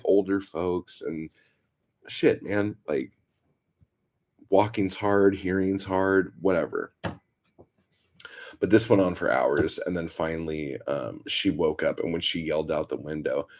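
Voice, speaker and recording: A man with a low, gravelly voice tells a story on a casual livestream. His pitch moves around a lot as he rambles, swears and leans on fillers. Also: darkish tone. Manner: profane, rambling, filler-heavy. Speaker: livestream host.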